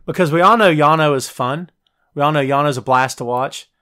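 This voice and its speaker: A man hosting a casual wrestling talk show, chatty and jokey, talking straight to live viewers and tossing in quick high-pitched voices when he quotes wrestlers. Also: bright, forceful tone, clear, resonant tone. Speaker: podcast host.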